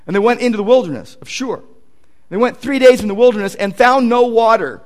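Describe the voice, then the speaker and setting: A man's voice: very high voice, brisk. A male pastor preaching a sermon in a conversational, emphatic way, with casual asides to the congregation.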